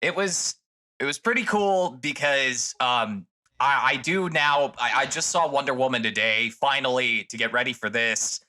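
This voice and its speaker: A man's voice: medium pitch, normal speed, sharp tone. A young man co-hosting a podcast in casual chat, swearing freely and restarting his sentences often. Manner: profane, rambling, with many restarts. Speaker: podcast co-host.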